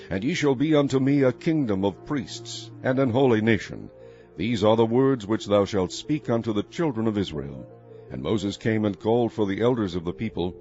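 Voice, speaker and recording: A man reads scripture in a solemn, deliberate cadence, his voice low-set and mellow. The recording is a little muffled, and faint music plays softly underneath. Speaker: preacher reading scripture.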